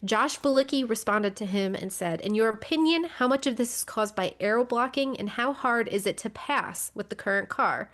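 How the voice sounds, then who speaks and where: A woman's voice: fairly high pitch, normal speed, hardly any pauses, a bit bright. A woman co-hosting a podcast, talking conversationally with fillers and restarts. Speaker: podcast co-host. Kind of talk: casual chat.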